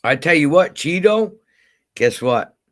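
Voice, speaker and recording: A man's voice: fairly high pitch, animated, unhurried, fairly bright tone. Profane, rambling man telling stories. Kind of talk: casual storytelling rant.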